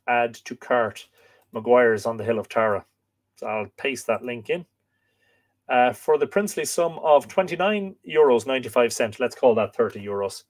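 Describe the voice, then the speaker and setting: A man hosting a live stream, chatting casually, rambling with many fillers and restarts as he reads viewer comments. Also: medium pitch. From Ireland. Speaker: host of a live stream on Irish mythology.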